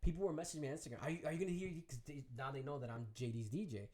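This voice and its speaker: Chicago man, DJ guest, fast and animated storyteller. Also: mid-range voice. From Chicago area. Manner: animated storyteller, acts out quoted voices. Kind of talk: casual interview storytelling.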